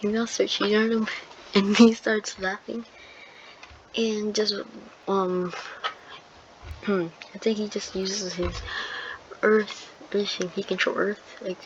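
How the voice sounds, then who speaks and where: A woman's voice: medium pitch, flat delivery, takes it slowly, pauses often. A woman improvising a fan-fiction retelling, rambling with many ums, likes and restarts. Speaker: storyteller. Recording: dull lo-fi with loud noise.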